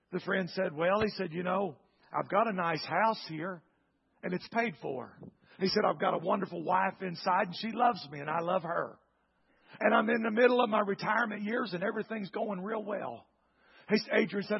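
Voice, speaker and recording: A man preaching a fervent sermon and leading a prayer, his voice climbing toward near-shouting at the high points. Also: normal speed, creaky, breathy edge, lo-fi sound.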